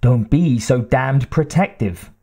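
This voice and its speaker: A man's voice: mid-range voice, slow pace, dark tone, breathy edge. A man voicing a reckless, proud young lieutenant who pushes to get his way. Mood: pushy. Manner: pushy, pleading. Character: cocky, reckless male lieutenant, proud and pushy.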